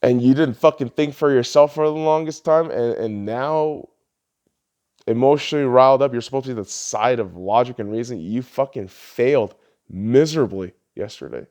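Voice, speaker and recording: A man hosting a podcast, ranting heatedly and swearing often, his voice lurching between loud outbursts and low mutters. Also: moderate pace. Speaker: podcast host. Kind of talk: ranting political commentary.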